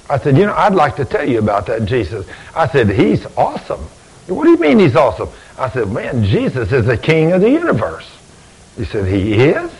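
A man's voice: fairly high pitch, darkish tone, husky, poor audio. A man preaching a sermon in a folksy storytelling way, acting out conversations. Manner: folksy, acts out both sides of conversations. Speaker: preacher and deacon.

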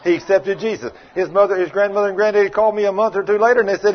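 A man preaches with a husky, somewhat high voice, telling homespun stories and voicing the people in them. He swings between thundering rebukes and quiet, confiding asides. The sermon comes through a dull, muffled lo-fi recording. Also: steady tone, racing, few pauses. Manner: folksy, acts out quoted voices, shifts between loud rebukes and quiet asides. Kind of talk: sermon with storytelling.

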